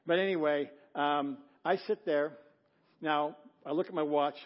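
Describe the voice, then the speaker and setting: Male pastor telling a lively story. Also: fairly high pitch, a little slow, muffled recording. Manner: animated storytelling, acting out quotes, swings from loud to hushed. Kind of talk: sermon. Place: church sanctuary.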